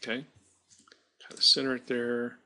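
A man teaching math, talking through a screen-recorded software demonstration and correcting his slips aloud as he works. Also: mid-range voice, monotone, normal speed, smooth. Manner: thinking aloud while working, self-correcting.

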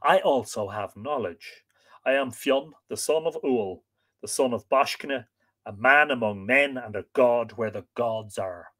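A man's voice: mid-range voice, a little slow, bright, forceful tone. A man voicing a proud, fierce warrior chief, firm and declamatory. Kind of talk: dramatic storytelling reading.

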